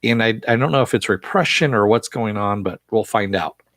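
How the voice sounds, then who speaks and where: A low-voiced man rambles through an episode recap, swearing freely and filling pauses with "uh" and "you know." The sound is dry and close to the mic, with no room around it. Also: fairly bright tone, dry recording. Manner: loose, profane, chatty with frequent fillers. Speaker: show reviewer.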